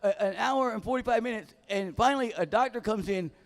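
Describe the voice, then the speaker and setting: A man with a notably high voice performs stand-up in a dive bar comedy room. He rambles through profane, casual stories and keeps losing his place mid-thought. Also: a little fast. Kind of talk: live stand-up set.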